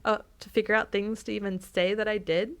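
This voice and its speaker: A young woman co-hosting a podcast, talking casually and laughing often, swinging between excited bursts and flat asides. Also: medium pitch, brisk, smooth. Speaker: podcast co-host. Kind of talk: casual chat.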